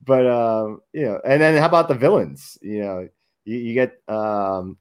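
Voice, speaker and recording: Man, podcast co-host, mid pitch, laughs often, rambling casual chat. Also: unhurried, clear, resonant tone. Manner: laughing, rambling, quotes movie lines.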